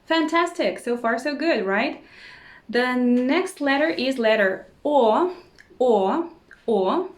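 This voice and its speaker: A woman teaching a language lesson who says each word slowly and repeats it several times, with short words of encouragement. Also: sits high, expressive, reverberant. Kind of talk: slow repeat-after-me pronunciation lesson.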